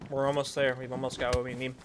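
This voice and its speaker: A man streaming a role-play game speaks fast and in a monotone at medium pitch, chatting casually with rambling, self-deprecating remarks and a lot of mumbling. Background noise fills the recording of this casual gaming chat.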